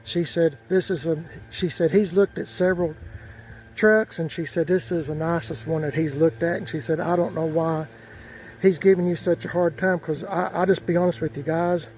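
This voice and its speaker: A man's voice: fairly high pitch, steady tone, normal speed, a little mellow, a little hiss or hum, poor audio. Rambling man telling a story. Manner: rambling, folksy, many fillers and restarts. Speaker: vlogger. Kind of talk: casual storytelling.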